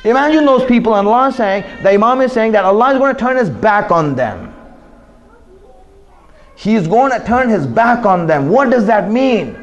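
A man giving an impassioned sermon, swinging between loud pleading and hushed, quiet asides. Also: sits high, big pitch swings, normal speed, highs cut off. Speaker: preacher.

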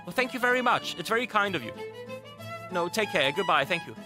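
A woman's voice: lowish voice, animated, a little fast, over music, lightly acted. An actress voicing a worried woman caught up in a botched nose-job affair, in dubbed drama dialogue. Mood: polite, flustered.

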